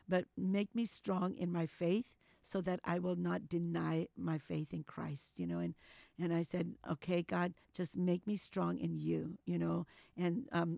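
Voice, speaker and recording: An older woman telling a personal story as an interview guest, animated, acting out what people said and sprinkling in "you know.". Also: on the low side, gravelly, no echo, studio quality. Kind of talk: storytelling testimony.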